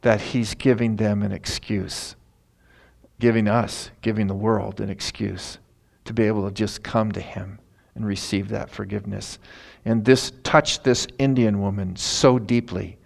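A middle-aged man, a pastor, telling a story in a sermon in an earnest, animated way. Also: fairly low pitch, a little slow, creaky. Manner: earnest, animated retelling with emphatic rises.

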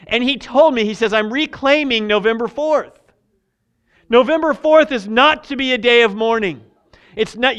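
Bright, animated male preacher. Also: very high voice, moderate pace, clean tone. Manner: animated, swings from soft to shouting with excitement. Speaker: pastor. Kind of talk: sermon with personal testimony.

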